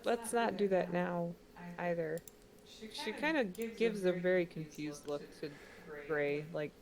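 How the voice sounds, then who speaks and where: Hesitant woman player in noisy chat. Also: medium pitch. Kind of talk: casual game chat.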